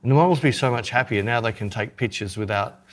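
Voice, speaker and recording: A man's voice: mid-range voice, fast talker. A man co-hosting a podcast in casual chat, joking and self-mocking as he talks through his photography gear.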